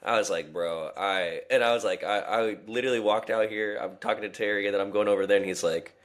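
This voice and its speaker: A man's voice: fairly low pitch, fairly even intonation, fast. A young man co-hosting a podcast, telling a work story in a rambling casual way with lots of fillers and restarts. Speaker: podcast co-host. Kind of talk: casual chat.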